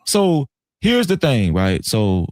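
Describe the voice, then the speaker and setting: A man hosting a live stream, telling a story in a casual, animated and profane way. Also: medium pitch, slow pace, no echo, clean studio sound. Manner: animated, profane, dramatic retelling.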